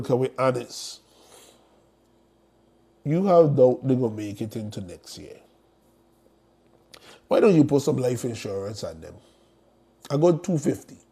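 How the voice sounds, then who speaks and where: Man, slightly high voice, mellow tone, blunt, joking, preachy live-stream host. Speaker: host promoting an estate planning conference.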